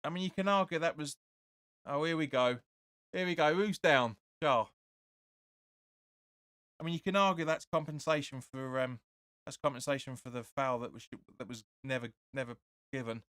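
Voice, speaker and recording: A man hosting a fan watch-along, giving live match commentary and reading viewer comments. He is excitable and opinionated, and keeps insisting "sorry, but no.". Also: mid-range voice, moderate pace, pauses often, smooth, no echo, studio quality.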